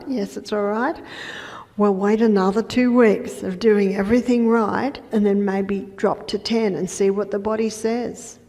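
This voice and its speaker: A woman health educator giving a lecture, telling patient stories in a conversational way with soft asides. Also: medium pitch. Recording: reverberant lecture hall.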